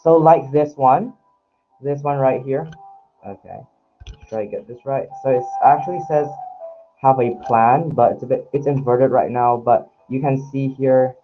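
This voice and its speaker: A man teaches lettering over a live online workshop, speaking at a mid pitch. He talks in a friendly way but keeps hesitating, restarting his sentences and filling gaps with ums. The sound is muffled and lo-fi, with quiet music behind him. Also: measured pace. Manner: hesitant, with many fillers and restarts; friendly, addresses viewers directly. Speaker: calligraphy instructor.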